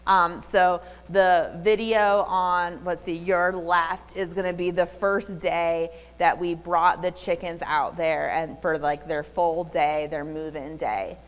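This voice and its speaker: A woman giving an animated, chatty talk at a public library, now and then slipping into a high baby voice. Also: slow, few pauses, in a large hall. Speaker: library presenter. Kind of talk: community talk with slides. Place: public library meeting room.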